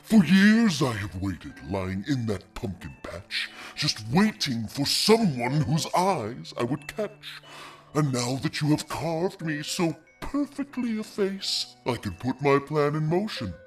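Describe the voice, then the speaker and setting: A man's voice: fairly high pitch, big pitch swings, slow, soft background music. A man voicing a boastful pumpkin monster who calls himself king of the gourds, speaking in a grand, theatrical villain manner in an audio drama. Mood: menacing.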